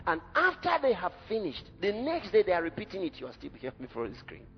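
A man's voice: sits high, huge pitch swings, fast, creaky, a little hiss or hum. A man preaching a sermon in an emphatic, dramatic way. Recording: dull echoey hall recording with faint music.

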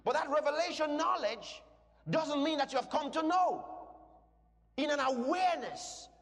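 A man with a very high, lively voice preaches with fervor, dropping to calm explanation and then rising to shouted proclamations. His words ring out with a long reverb, as if filling a large hall. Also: normal speed. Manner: emphatic, swings from quiet teaching to shouted declarations. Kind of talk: sermon.

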